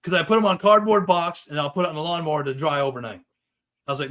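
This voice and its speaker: A man with a slightly raised voice tells a rambling story in casual chat. He swears freely and talks in an animated, storytelling way, full of restarts. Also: on the high side, racing. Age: adult with young kids. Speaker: podcast host, custom bike builder.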